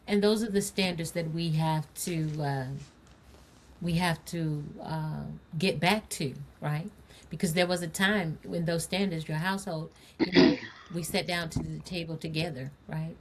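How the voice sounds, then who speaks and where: A woman on a community podcast panel, speaking earnestly and deliberately and stressing her points again and again. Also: deep voice, fairly even intonation, a little hiss or hum. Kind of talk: casual panel conversation.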